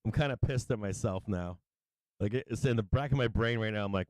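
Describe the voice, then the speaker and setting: A middle-aged man with a low, smooth and resonant voice gives loose live commentary on trading charts. He laughs a lot and swears freely. The sound is dry and close to the mic. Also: brisk, darkish tone, no room sound. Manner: laughing, sing-song chanting, swears freely. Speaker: stock market livestream host.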